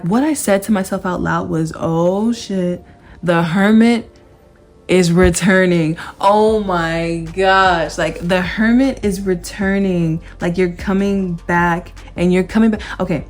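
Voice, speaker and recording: Excited woman giving a tarot reading. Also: medium pitch. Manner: excited, emphatic, repetitive. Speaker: tarot reader. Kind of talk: casual tarot reading to camera.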